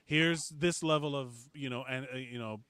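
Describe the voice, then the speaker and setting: A man's voice: medium pitch, normal speed, a bit bright, clean tone, no echo. A man co-hosting a podcast in casual chat, rambling with lots of fillers and laughing at his own jokes. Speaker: podcast co-host.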